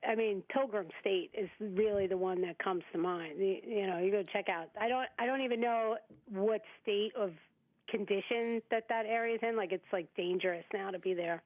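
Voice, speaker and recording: A hoarse woman with a Long Island accent, calling in to a talk show and chatting quickly. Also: mid-range voice, dry recording. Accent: Long Island New York. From Long Island, New York. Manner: fast-talking. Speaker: caller. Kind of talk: casual call-in chat. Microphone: phone. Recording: tinny phone line.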